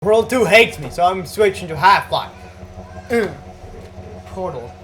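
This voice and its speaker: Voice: mid-range voice, lively intonation, measured pace, fairly bright tone, poor audio. Young gamer mumbling and swearing. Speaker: gaming youtuber. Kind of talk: profane casual gameplay commentary.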